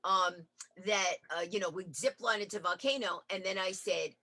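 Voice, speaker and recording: A woman, a guest on an interview show, tells lively, animated anecdotes over a remote call. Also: medium pitch, moderate pace. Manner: animated, acts out quoted voices.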